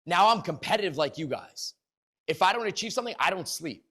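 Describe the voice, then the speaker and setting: A man giving a motivational sales training talk, punchy and repetitive, swearing casually, acting out little conversations and swinging between loud bursts and quiet low asides. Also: animated, a little fast, breathy edge.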